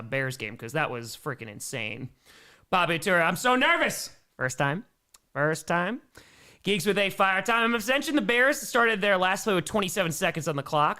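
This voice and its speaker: High, bright-voiced hyped man on a live stream. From Wisconsin, United States. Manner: excitable, hyped, reads fan messages aloud. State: out of breath. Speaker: streamer doing live play-by-play and reaction. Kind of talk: live-stream play-by-play and chat reactions.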